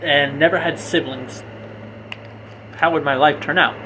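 A man's voice: on the high side, fairly even intonation, measured pace. A young man co-hosting a casual podcast with his brother, musing through ideas with many fillers and restarts. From Hispanic family, grew up in the US. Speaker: podcast co-host. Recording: noisy home recording.

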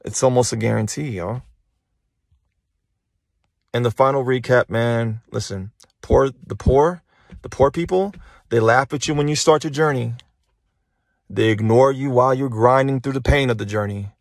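A man delivers a casual motivational monologue into a phone held in his hand. His pitch sits in the middle for a man, and the sound is close and dry with no room echo. He talks bluntly and swears often, driving each point home by repeating it. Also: normal speed, creaky, pauses often. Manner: profane, emphatic, repeats phrases for emphasis. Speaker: motivational podcast host. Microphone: phone held while talking.

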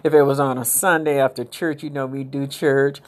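A woman with a bass voice hosts her own podcast, giving a casual, inspirational monologue. She talks in a rambling, chatty way at a moderate pace with fairly even intonation, using religious phrasing.

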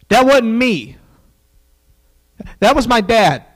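High-voiced folksy preacher, unhurried. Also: male voice, poor audio. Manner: folksy and joking, drops to asides. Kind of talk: sermon.

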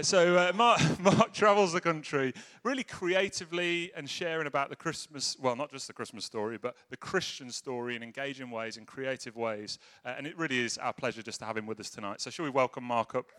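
A man's voice: medium pitch, fairly quick, hardly any pauses. Man casually introducing a guest speaker. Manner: relaxed, teasing, hesitant fillers. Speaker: service host introducing the guest.

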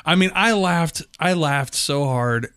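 A man's voice: on the high side, animated, slow pace, a bit bright, clear, resonant tone, no room sound, studio quality. A man hosting a casual chat, telling self-deprecating stories and laughing often.

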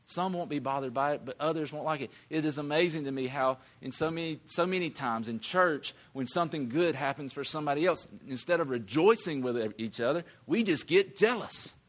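A man preaching a sermon with a slightly high voice. He talks in a conversational, emphatic way, often repeating words as he drives a point home. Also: lively intonation, a little fast, hardly any pauses. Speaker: pastor.

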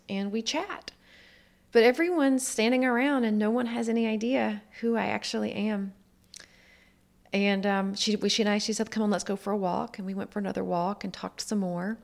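A woman's voice: mid-range voice, fairly even intonation, moderate pace, vocal fry. A woman earnestly telling a personal story in conversation, acting out what others said along the way. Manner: earnest, reflective storytelling with quoted dialogue. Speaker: guest telling her life story.

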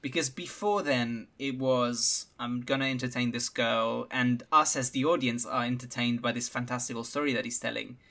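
A man talks through a film in a loose, animated way, with laughter breaking in. His voice is bright and forceful. His pitch sits in the middle for a man. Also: normal speed, creaky, few pauses. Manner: animated, laughs while talking. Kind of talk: casual film discussion.

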